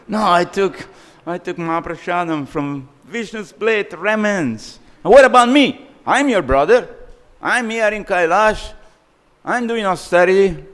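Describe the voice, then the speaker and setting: A man's voice: sits high, expressive, unhurried, fairly bright tone, big-room sound, pitched above the performer's own voice. A man doing an eager pleading male sage.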